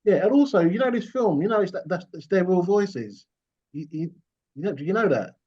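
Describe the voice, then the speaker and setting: A man co-hosting a casual film podcast, talking rapidly and repeating himself. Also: high-pitched, expressive, a little mellow, slightly rough. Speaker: podcast co-host. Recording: dull lo-fi mic.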